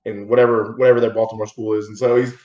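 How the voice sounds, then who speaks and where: A man's voice: lowish voice, little pitch movement, racing, a little mellow, muffled recording. A man in loose, rambling casual chat, swearing and laughing often.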